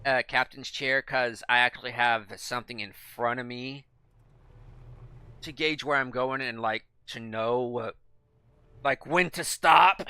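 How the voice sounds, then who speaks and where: Male gaming commentator, bright and crisp tone, casual, rambling with fillers. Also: medium pitch, measured pace. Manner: rambling, thinks aloud with many fillers and restarts. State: speaking with his mouth full. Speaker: gaming video creator.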